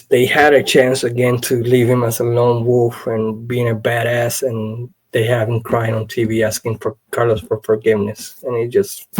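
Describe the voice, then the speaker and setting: A man hosting a podcast, telling a story in a casual, animated way with many "you know" fillers. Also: medium pitch, rough recording. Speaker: podcast host. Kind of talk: casual wrestling history commentary.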